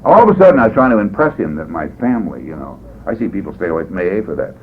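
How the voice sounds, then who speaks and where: A man's voice: sits low, big pitch swings, racing, breathy edge. Man telling a folksy recovery story on tinny tape. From California. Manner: folksy, rambling, peppers speech with "boy" and "you know". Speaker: recovery meeting speaker. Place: meeting hall. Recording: tinny phone-like 1980s tape, faint hiss.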